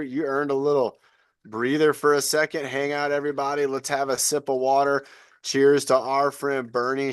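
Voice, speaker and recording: A man's voice: medium pitch, dry recording, clean studio sound. A man coaching a live online fitness class over a video call, chatty and encouraging.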